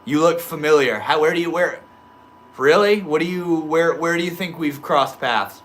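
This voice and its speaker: A man's voice: fairly high pitch, normal speed, a bit bright. A man chatting loosely with his livestream viewers, reading their comments aloud in slangy talk full of bro and dude. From Maine. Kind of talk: casual livestream chat.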